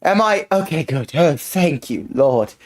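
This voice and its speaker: A man at a tabletop game who sounds fed up and sighs a lot. His voice jumps around in pitch, and he curses when annoyed. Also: very animated, measured pace. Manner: exasperated, sighing, swears. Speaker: player. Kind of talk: casual role-play chat.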